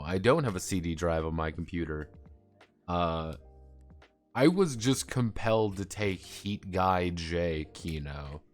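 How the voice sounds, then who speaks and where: A man with a lowish voice rants slowly and sarcastically, cursing freely and circling back with lots of "like" and "um." He sounds like a casual streamer chatting as he works. Soft music plays faintly behind him. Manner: rambling, profane, sarcastic, many fillers. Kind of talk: casual rant while drawing on stream.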